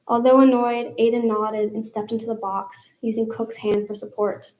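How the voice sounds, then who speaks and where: A woman's voice: on the high side, little pitch movement, normal speed, few pauses, darkish tone, rough recording. Young woman reading her story aloud. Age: young adult. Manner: storytelling narration, polling the audience by raised hands. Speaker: student reader. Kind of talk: live reading of her own fiction.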